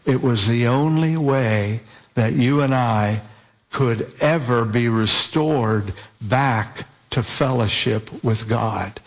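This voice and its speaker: Slow, deliberate male preacher. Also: mid-range voice. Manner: slow, deliberate emphasis, stretching key words. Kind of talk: sermon.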